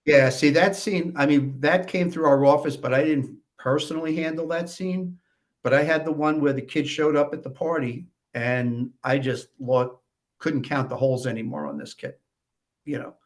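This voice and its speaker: A man's voice: fairly high pitch, fairly even intonation, normal speed. A man from New York, a guest on a podcast, telling stories from death investigations in a matter-of-fact way, often adding "you know.". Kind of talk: casual storytelling conversation.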